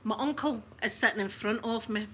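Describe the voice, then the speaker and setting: A Scottish woman telling a funny family story on her livestream, chatty and animated, often breaking into laughter. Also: on the high side, fairly quick, slight background noise. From Scotland. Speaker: ASMR livestream host.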